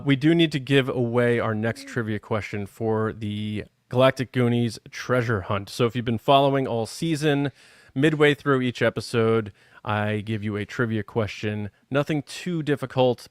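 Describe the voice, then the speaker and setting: Male podcast host at a mid-range pitch, upbeat and conversational. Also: moderate pace, smooth, no echo, studio quality. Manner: upbeat, reads listener comments and runs a trivia segment. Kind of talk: casual aftershow chat.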